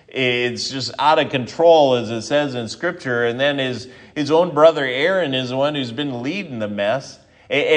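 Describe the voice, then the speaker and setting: A male pastor giving a sermon, reading scripture, then telling a story in a relaxed, conversational way with frequent restarts. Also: medium pitch.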